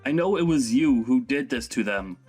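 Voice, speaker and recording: A young husband, acted by a man, exasperated and scolding, in a mid-pitched voice. Faint music plays beneath the story. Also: expressive, normal speed, a little mellow, natural voice. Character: young husband angry at his mother. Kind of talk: dramatized text-message story.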